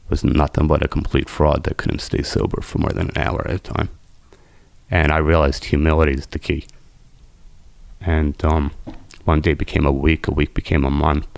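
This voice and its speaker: A man's voice: very deep voice, creaky, no room sound. A man, a podcast guest, telling his recovery story in an emotional, intense way.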